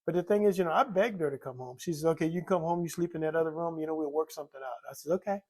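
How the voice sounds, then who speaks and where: A man's voice: on the high side, very fast, a little mellow. An older man telling his recovery story in a rambling, candid way, full of "you know" fillers. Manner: rambling, many "you know" fillers, acts out quoted voices. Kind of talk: personal recovery testimony.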